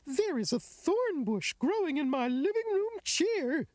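A man doing a weepy high-voiced old lady. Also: very animated, a little slow, darkish tone, no room sound, full character voice. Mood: plaintive. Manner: high wavering put-on voice. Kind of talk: storybook character voice. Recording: music bed underneath.

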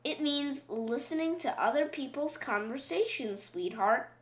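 A loving, worn-out storybook mother, read by a woman, fond yet exasperated. The voice is high and expressive and moves unhurriedly. It sounds from a roomy, echoing space. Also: measured pace. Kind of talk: storybook reading. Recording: roomy echo.

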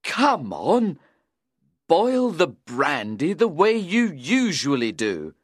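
A man voicing a drunken, unsteady young man who shouts and insists. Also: on the high side, wildly swooping pitch, takes it slowly, dry recording, clean studio sound, pitched above the performer's own voice, full character voice. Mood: insistent.

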